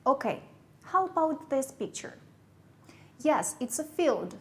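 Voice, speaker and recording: A woman with a Kyrgyz accent teaching English to young pupils, slowly repeating and spelling out words. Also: sits high, sing-song.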